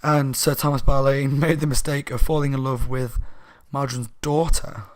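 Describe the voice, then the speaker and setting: At a moderate pace and medium pitch, with little movement in his voice, a slightly tipsy man recaps a children's horror book for his channel as its book reviewer. His delivery is rambling and chatty, full of self-corrections.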